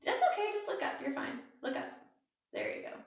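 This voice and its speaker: Bubbly high-voiced woman chatting in an echoey room. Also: wildly swooping pitch, fairly quick, recorded from a distance. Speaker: beauty product seller hosting a live party. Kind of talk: casual live demo chat. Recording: echoey room, faint noise.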